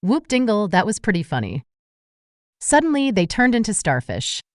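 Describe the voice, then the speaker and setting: A woman's voice: mid-range voice, big pitch swings, normal speed, no echo, clean studio sound. A woman reading a silly children's storybook aloud with a playful manner. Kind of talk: storybook narration.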